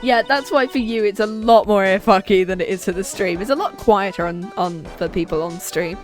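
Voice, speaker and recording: A woman's voice: medium pitch, moderate pace, soft background music. A woman streamer giving casual commentary on a game she plays, chatty and reading the lines aloud. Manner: chatty, laughs and does character voices.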